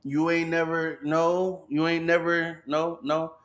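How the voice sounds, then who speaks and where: A man's voice: a little high, level tone, takes it slowly, fairly bright tone. Slangy man chatting, rambling and repetitive. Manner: rambling, peppered with "you know what I'm saying". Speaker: podcast host. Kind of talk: casual podcast chat.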